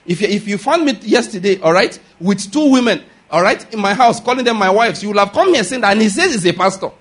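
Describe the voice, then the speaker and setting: High-voiced husky male preacher. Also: expressive, fast talker, fairly bright tone. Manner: emphatic, drills points with call-and-response questions. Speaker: pastor. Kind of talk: sermon.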